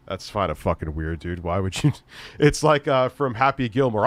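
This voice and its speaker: A man's voice: mid-range voice, animated, normal speed, no echo. Sarcastic, profane male streamer. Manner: profane, sarcastic ranting with frequent laughs. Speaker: streamer host. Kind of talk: casual livestream commentary.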